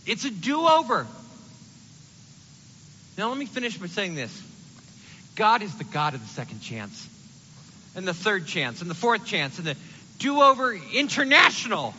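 A man preaching a sermon in an animated, conversational way, acting out the quotes he reads. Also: sits high, measured pace, long pauses, husky, long reverb tail, highs cut off.

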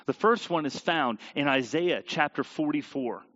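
A man preaching a sermon and reading scripture aloud, animated and sometimes tripping over hard names. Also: on the high side, normal speed. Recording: dull audio with long hall reverb.

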